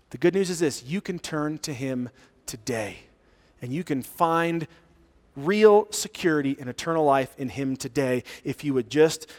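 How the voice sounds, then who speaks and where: A man preaching a sermon as pastor, telling stories with animated rises and hushed drops for emphasis. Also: fairly high pitch, long reverb tail. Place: church sanctuary.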